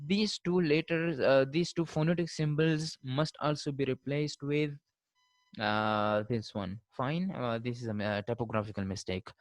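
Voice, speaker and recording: A man's voice: medium pitch, no echo. Man lecturing on linguistics. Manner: punctuates points with a repeated "fine", slows down to spell out example words. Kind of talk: recorded classroom lecture.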